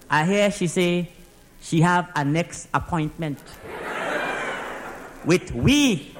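A man with a Trinidadian accent performs a comic monologue as one side of a phone call. He plays a driving instructor reporting to his boss, speaking in dialect with excited storytelling and adding "sir" after almost every phrase. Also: a little high, slow, long pauses, noisy background.

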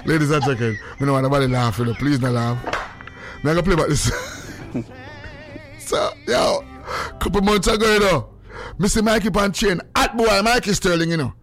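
A man hosting a show, telling stories in a lively, laughing way and quoting himself and others. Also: on the high side, moderate pace, faint music behind. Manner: animated, laughs often, quotes himself. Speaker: show host. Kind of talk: casual storytelling chat.

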